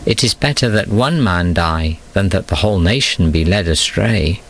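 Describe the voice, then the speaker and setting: A man voicing a cold, scheming high priest in a matter-of-fact tone, in a storybook reading. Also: animated, moderate pace, a bit bright, exaggerated voice.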